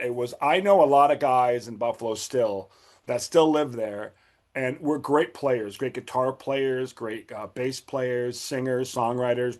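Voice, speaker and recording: A middle-aged man casually telling a long story as a podcast guest, acting out the people he quotes with big jumps in pitch.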